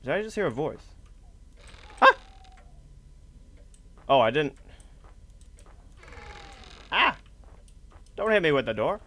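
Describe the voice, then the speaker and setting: A man giving let's play commentary on a horror game, jumpy and swearing a lot, screaming at the scares and talking loud on purpose to stay calm. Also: fairly high pitch, racing. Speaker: gamer playing a horror game.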